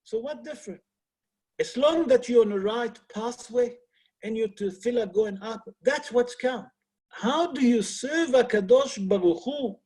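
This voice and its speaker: A man's voice: sits high, darkish tone, husky. A man who is a rabbi teaching an online class over a video call. He talks earnestly, asks rhetorical questions and uses non-native English grammar.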